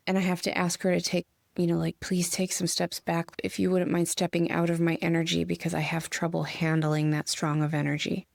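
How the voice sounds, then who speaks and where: A woman's voice: on the low side, creaky, dry recording, studio quality. A middle-aged woman, co-hosting a spiritual podcast and telling stories in a chatty way with easy laughter. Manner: chatty storyteller, laughs easily. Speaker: podcast co-host. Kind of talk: casual spiritual chat.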